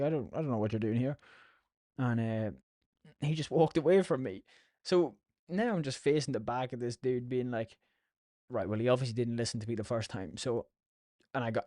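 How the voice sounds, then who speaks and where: A man's voice: medium pitch, a little mellow, dry recording, studio quality. Irish man rambling on a solo podcast. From Ireland. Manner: swears a lot, chatty and self-mocking. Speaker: podcast host. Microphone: podcast mic.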